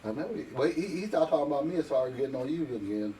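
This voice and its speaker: Guy off camera tossing in dry little comments, pretty quiet. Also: mid-range voice, lively intonation, fast, a crowd in the background, poor audio. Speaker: off-camera companion.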